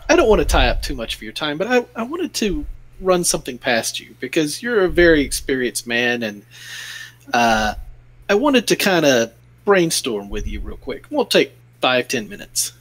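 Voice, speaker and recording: A man voicing a persuasive, smooth-talking male adventurer in a tabletop game. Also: on the high side, big pitch swings, moderate pace, a bit bright.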